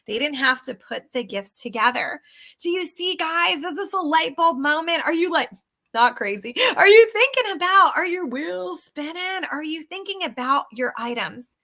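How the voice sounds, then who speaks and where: Bright, high-voiced woman sales coach. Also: lively intonation, moderate pace. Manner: chatty, emphatic, addresses viewers as guys. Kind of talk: casual live coaching talk.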